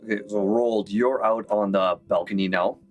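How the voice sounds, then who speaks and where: Low-voiced man running a tabletop game. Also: steady tone, normal speed, soft background music. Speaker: game master.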